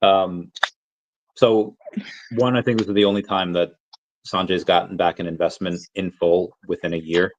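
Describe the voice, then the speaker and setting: Low-voiced rambling male host. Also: fairly even intonation, moderate pace. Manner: rambling, repeats words often. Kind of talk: casual chat. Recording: dull lo-fi sound.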